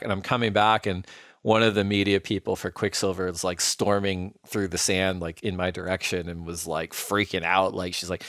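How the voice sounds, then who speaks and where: Man, low voice, dry close sound, casual podcast storyteller who rambles with lots of "like". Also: fairly even intonation, normal speed, a bit bright, no room sound. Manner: rambling, filler-heavy, frequent "like". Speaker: podcast co-host.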